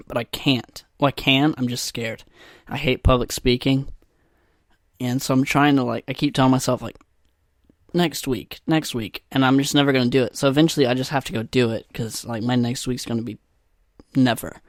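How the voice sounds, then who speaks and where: A man's voice: medium pitch, no echo, studio quality. A young man hosting a solo podcast, rambling through crude, self-deprecating jokes. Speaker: podcast host. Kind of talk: solo casual podcast monologue. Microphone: podcast microphone.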